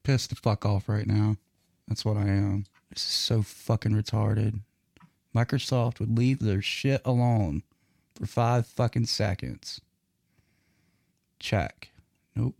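A man's voice: on the low side, steady tone, takes it slowly, creaky, pauses often, a little mellow, dry recording, clean studio sound. A man hosting a live online radio show, ranting and swearing angrily about his computer trouble. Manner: profane, angry ranting. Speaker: host.

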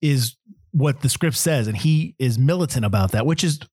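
A man's voice: mid-range voice, lively intonation, normal speed, a little mellow, slightly rough, dry recording. Chatty male podcast co-host, dry sound. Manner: chatty, restarts sentences, agreeable. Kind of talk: casual movie discussion.

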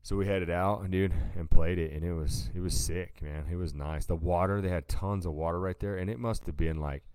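A man's voice: low voice, steady tone, fairly quick, a little mellow, smooth, no echo, studio quality. A man co-hosting a podcast, casually telling a rambling story and calling his listener "dude" a lot. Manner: laid-back, rambling, says "dude" a lot. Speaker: podcast co-host.

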